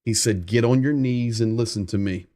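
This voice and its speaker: A man's voice: medium pitch, normal speed, crowd noise. A man hosting a live war update stream, translating clips and stressing points by repeating himself. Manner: emphatic, repeats phrases for stress.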